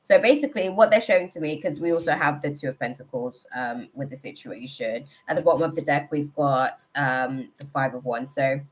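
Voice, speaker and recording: Chatty woman, lowish voice. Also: brisk, hardly any pauses. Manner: chatty, laughs often, animated. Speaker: tarot reader, live-stream host. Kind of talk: casual live reading chat.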